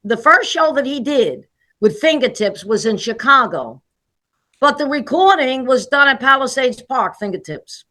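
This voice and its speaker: A woman's voice: sits high, moderate pace. A woman in her sixties from New Jersey with a New Jersey and New York City accent, chatting as an interview guest and telling stories. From New Jersey, USA. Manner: chatty, animated storytelling with many "okay?" asides. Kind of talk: casual interview chat.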